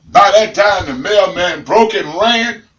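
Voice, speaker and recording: A man telling a comic tale in an animated, dramatic way, talking straight to the listener. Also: high voice, slow pace, reverberant, far from the mic, low-quality recording. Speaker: storyteller.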